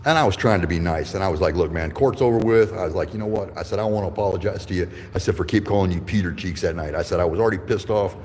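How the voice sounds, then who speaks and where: Gravel-low, profane man in his fifties. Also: very fast, few pauses, big-room sound, slight background noise. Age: 50s. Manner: angry, profane, rambling storytelling. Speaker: livestreaming channel host. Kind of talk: profane livestream rant. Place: courthouse building with echo.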